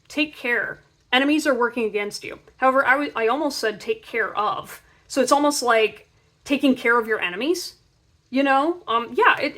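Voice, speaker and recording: A young woman giving a casual pick-a-card tarot reading in a chatty, animated way, full of filler words. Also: on the high side.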